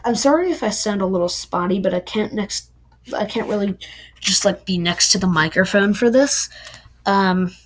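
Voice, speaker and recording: A woman's voice: medium pitch, moderate pace, rough recording. A young woman casually reviewing a book, rambling and chatty with many fillers.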